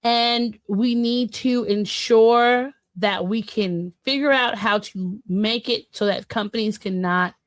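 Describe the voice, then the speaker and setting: A woman's voice: on the high side, takes it slowly, few pauses, no room sound. A woman co-hosting a podcast, speaking earnestly and emphatically, repeating words for weight. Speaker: podcast co-host. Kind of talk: casual podcast discussion.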